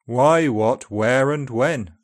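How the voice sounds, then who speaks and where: Slow, precise British accent teacher. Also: male voice, medium pitch, dry recording, studio quality. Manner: slow, carefully articulated model phrases. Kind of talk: scripted pronunciation lesson.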